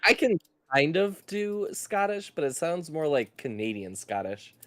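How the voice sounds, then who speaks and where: A man's voice: a little high, very animated, measured pace, a bit bright, no echo. A man chatting casually on a stream and reading out viewers' jokes. He giggles through his own readings and apologises when he stumbles over a line. The sound is dry and close. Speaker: guest reading chat jokes.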